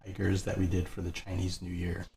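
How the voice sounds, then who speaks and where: A man's voice: low voice, completely flat delivery, a little fast, gravelly, a crowd in the background. A man co-hosting a live painting stream, chatting casually, laughing often and greeting viewers by name.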